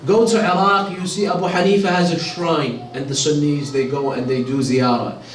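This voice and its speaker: Impassioned high-voiced male lecturer, echoey hall. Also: steady tone, moderate pace. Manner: impassioned, repeats phrases for emphasis. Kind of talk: religious lecture. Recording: echoey hall, mic at a distance.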